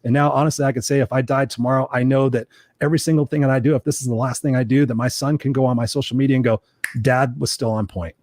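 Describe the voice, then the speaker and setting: A life coach tells his story at a rapid clip, animated and candid, with casual swearing. His voice is dry and close, with no room around it. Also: medium pitch, no echo. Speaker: coaching guest.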